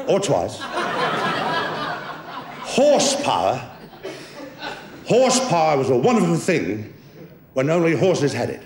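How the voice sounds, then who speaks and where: A man giving an after-dinner comedy speech as guest of honour at a lunch, delivering deadpan one-liners and chuckling at his own jokes. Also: on the high side, slow, long pauses, a crowd in the background. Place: lunch banquet hall. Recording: echoey hall, laughing audience, background noise.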